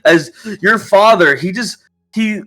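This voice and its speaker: Bright-voiced man running a tabletop game. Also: sits high, slow. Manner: lively storytelling with laughs. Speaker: game master.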